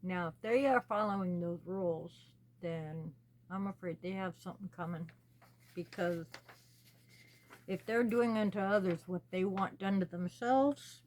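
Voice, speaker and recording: A woman from the United States, talking slowly and earnestly as host of her own small channel, pleading with her listeners. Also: on the low side, a little mellow. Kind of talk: personal spoken commentary.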